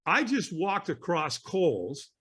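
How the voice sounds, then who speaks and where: A man tells a story as a guest on an interview podcast, his voice sitting a little high for a man and swinging widely in pitch. He talks in an animated way, acting out the voices of the people in his story. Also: takes it slowly, slightly rough.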